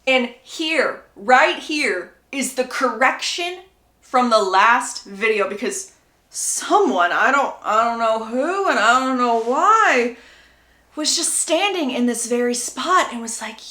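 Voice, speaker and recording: Animated, sassy young woman. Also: a little high, takes it slowly. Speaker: book recap creator. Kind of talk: casual storytelling recap. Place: indoor room. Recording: roomy echo.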